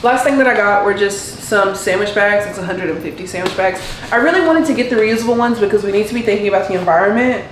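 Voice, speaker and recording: Woman in her twenties, casual vlog talk, medium pitch, rambling with lots of fillers, roomy echo. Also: fast, few pauses, a little hiss or hum. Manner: rambling, heavy use of "like" and "um". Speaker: nursing student vlogger. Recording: echoey room.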